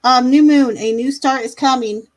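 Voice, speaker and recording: A woman's voice: high voice, normal speed, a little mellow, low-quality recording. A woman doing tarot readings on a live stream, chatty, laughing now and then, drawing out her words. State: yawning, a bit tired. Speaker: tarot reader.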